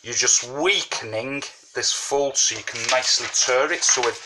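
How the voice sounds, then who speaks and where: A man's voice: medium pitch, normal speed, background noise. A man hosting a casual origami tutorial, chatting through each fold with lots of fillers while sucking a mint. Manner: chatty, repeats "you know what I mean", many fillers. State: talking with a mint in his mouth. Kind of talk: casual step-by-step craft tutorial.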